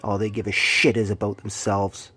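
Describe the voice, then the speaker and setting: A man delivering an angry, profane, preachy rant to his viewers, swinging between loud bursts and low, hushed lines. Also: little pitch movement, moderate pace, slightly rough. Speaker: vlogger.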